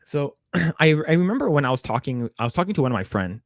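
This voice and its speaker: Animated man chatting on a podcast. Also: fairly high pitch, quick pace, no echo, studio quality. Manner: animated retelling with many fillers and put-on voices. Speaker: podcast co-host. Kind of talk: casual chat.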